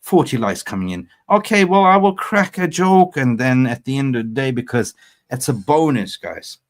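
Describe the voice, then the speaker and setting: A man hosting a football fan channel livestream, chatting casually, rambling with animated swings and laughing at his own jokes. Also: medium pitch, normal speed.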